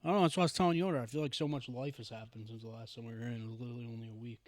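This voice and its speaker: A young man co-hosting a casual podcast, telling excitable stories with lots of swearing and mimicking the voices of others. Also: medium pitch, racing. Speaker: podcast co-host. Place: podcast studio.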